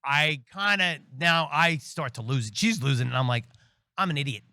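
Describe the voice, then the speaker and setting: A middle-aged man, a priest and military chaplain telling his life story in a casual interview, animated and often acting out the voices of others. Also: on the high side, moderate pace, no room sound, clean studio sound.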